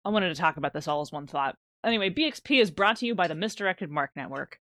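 A woman with a fairly low voice co-hosts a gaming podcast in a relaxed, chatty way. She reads sponsor plugs and breaks into laughter often. The recording is close and dry, with no room sound. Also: fast talker, no room sound. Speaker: podcast co-host. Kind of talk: casual podcast chat.

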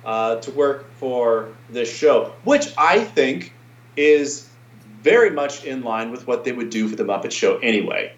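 A man's voice: mid-range voice, expressive, unhurried. Male co-host in a roomy, dull recording. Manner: rambling, thinking aloud with fillers. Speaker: podcast co-host. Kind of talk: casual podcast chat. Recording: roomy, dull home mic.

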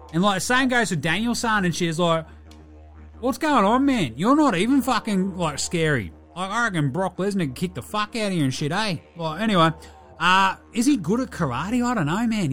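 Bloke putting on a sweary aussie baller, broad accent, rambly and cheeky, faint music under it. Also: male voice, high voice, lively intonation, fairly quick, fairly bright tone, pitched above the performer's own voice. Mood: cheeky rambling. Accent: broad Australian. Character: crude laid-back young male Aussie basketballer.

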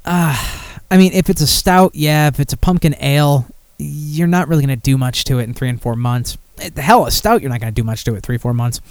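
A man's voice: fairly high pitch, fairly quick, few pauses, dry recording. A man hosting a beer podcast in casual chat, rambling and blunt with frequent swearing. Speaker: podcast host.

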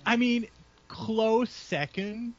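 A man talks through his hobby with easy enthusiasm, rambling and cheerfully self-deprecating. His voice sits a touch high. The recording is dull and lo-fi. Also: fairly even intonation, very slow. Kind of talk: casual hobby chat.

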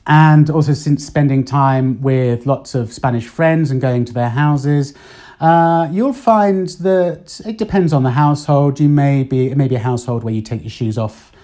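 Mellow-voiced man, chatty podcaster. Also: mid-range voice, moderate pace. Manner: chatty, thinks aloud with many ums and uhs. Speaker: podcast host. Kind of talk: casual solo podcast talk. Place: Spain.

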